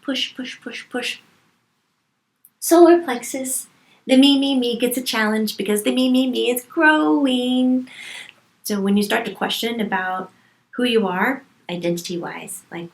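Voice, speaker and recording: A woman's voice: fairly high pitch, unhurried, creaky. A woman speaking as a medium in a channeled spiritual talk, stressing points by repeating words. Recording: roomy echo.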